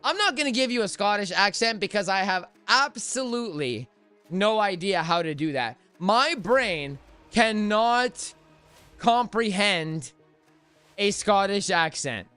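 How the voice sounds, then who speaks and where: Energetic young man with a bright voice. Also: high-pitched, clean tone, faint music behind. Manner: energetic, fast, chatty. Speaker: crypto trading streamer. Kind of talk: live stream commentary.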